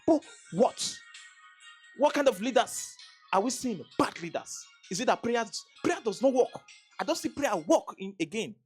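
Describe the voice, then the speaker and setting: A woman's voice: on the high side, sing-song, a little slow, darkish tone, faint music behind. A Nigerian woman vlogger giving an emphatic political commentary, repeating phrases and restarting sentences as she presses her points. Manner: emphatic, repetitive, stammering restarts.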